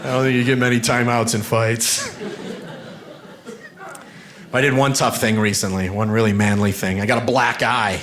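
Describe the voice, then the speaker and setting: A man in his thirties doing a stand-up comedy set on a club stage, telling self-mocking stories with bursts of shouted punchlines. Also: medium pitch, fairly even intonation, moderate pace, long pauses, crowd noise. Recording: noisy live club recording.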